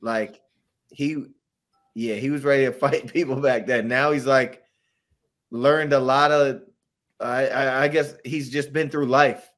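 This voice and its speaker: Relaxed, rambling male co-host. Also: mid-range voice, unhurried. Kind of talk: casual recap chat.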